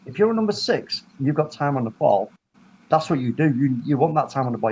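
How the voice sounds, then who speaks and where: A man hosting a casual football chat over a video call, talking in animated, rambling bursts full of restarts. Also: medium pitch, fast talker, muffled recording, a little hiss or hum. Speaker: football podcast host.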